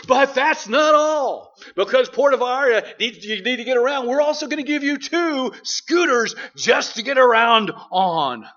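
A man putting on the voice of an excited male game show host, shouting prizes in a big announcer voice. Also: very high voice, pitched above the performer's own voice, heavily acted. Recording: echoey room, slightly muffled.

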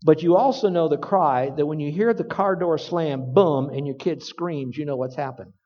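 A man preaching a sermon in a large hall, his voice set a bit high and carried by a long echo. He speaks earnestly and plainly, then breaks into loud, emphatic bursts. The sound is somewhat dull. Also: moderate pace, slight background noise.

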